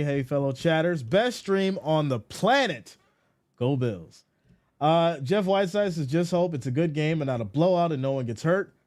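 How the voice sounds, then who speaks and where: A man with a fairly high voice hosts a casual sports live stream and reads viewer comments aloud. His pitch swings widely as he banters, and he slips into mock exasperation when teased. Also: darkish tone. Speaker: live stream host reading chat.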